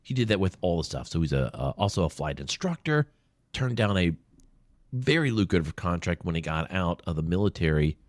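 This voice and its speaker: A man's voice: low-pitched, very animated, fairly quick, no echo, studio quality. A man telling heartfelt stories as a guest in an interview, earnest and openly emotional. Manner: earnest, emotional, storytelling with quoted voices. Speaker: podcast guest, veteran advocate. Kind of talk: conversational storytelling interview. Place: small room.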